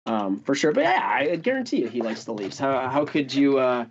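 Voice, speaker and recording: A man's voice: medium pitch, big pitch swings, moderate pace, a little hiss or hum. A man from Canada, a guest musician telling stories in a loose, profane way, full of "like" and "dude". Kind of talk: casual storytelling. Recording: dull lo-fi sound.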